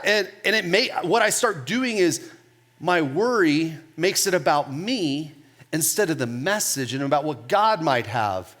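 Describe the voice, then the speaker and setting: High-voiced man preaching a casual sermon. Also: measured pace. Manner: casual, self-mocking storytelling; animated, with laughs. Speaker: pastor.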